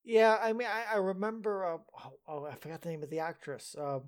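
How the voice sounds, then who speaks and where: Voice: mid-range voice, animated, brisk, clear, resonant tone. A podcast co-host chatting casually about a movie, dropping dry, brief remarks. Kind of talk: casual movie-review chat.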